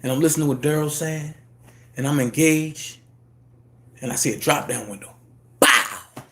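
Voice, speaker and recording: A man, telling a personal story in a casual monologue and jumping into high voices to quote people. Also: normal speed, a bit bright. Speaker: YouTube commentator.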